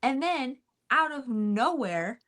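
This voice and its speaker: A woman's voice: high voice, lively intonation, slow pace, fairly bright tone. A woman co-hosting a casual podcast chat, telling a story with many fillers and restarts. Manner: chatty, filler-heavy, many "anywho" and "um". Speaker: podcast co-host.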